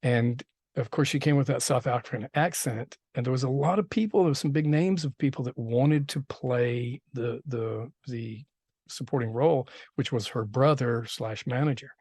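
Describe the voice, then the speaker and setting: A man's voice: medium pitch, normal speed, a little mellow, husky, no room sound, clean studio sound. A man, a film director, telling stories in a casual interview, rambling with many restarts and fillers. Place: interview set.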